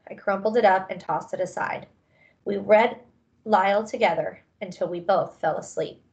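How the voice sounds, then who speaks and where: Woman narrating a kids' novel, calm, measured, mid pitch, lo-fi sound. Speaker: reader. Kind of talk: reading a children's novel aloud.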